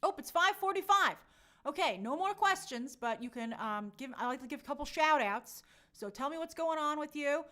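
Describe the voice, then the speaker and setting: A woman's voice: high-pitched, animated, normal speed, pushed and bright. A woman hosting a casual live stream, reading viewer comments aloud and reacting in an upbeat, chatty way. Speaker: livestream host reading chat.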